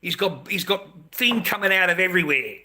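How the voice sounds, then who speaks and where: An Australian man in a slightly high register launches into an angry, profane monologue. He repeats himself for emphasis and swears freely. His voice bounces around a roomy, echoing space. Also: expressive, fairly quick, bright, forceful tone. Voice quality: blunt, profane, repetitive phrasing. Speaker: vlogger. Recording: echoey room.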